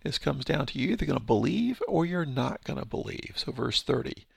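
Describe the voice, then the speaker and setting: A man's voice: medium pitch, lively intonation, brisk, gravelly, breathy edge, no room sound. A man giving a casual verse-by-verse Bible teaching, explaining with rhetorical questions and his own paraphrases.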